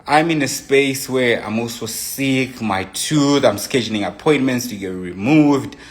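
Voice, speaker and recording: A man's voice: medium pitch, measured pace. A young man casually recounting a relationship story, rambling with restarts and frequent "you know" asides. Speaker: boyfriend telling his side of a relationship story.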